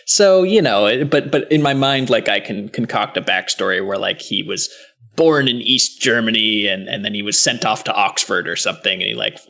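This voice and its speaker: A man's voice: lowish voice, lively intonation, normal speed, gravelly, bright, forceful tone. A man on a casual panel chat with a dry manner, starting sentences hesitantly and laughing easily. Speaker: panel guest.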